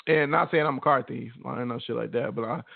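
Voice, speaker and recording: A man's voice: medium pitch, gravelly, dry recording. Blunt, profane man on a tinny line. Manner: blunt, profane, reads gossip aloud. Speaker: podcast co-host. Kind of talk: casual chat. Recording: tinny phone-like dry sound.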